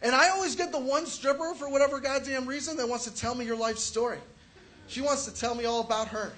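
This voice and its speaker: A man's voice: very high voice, steady tone, fast, fairly bright tone. A young man doing a stand-up comedy set, telling crude, profane stories and acting out quotes. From Chicago area.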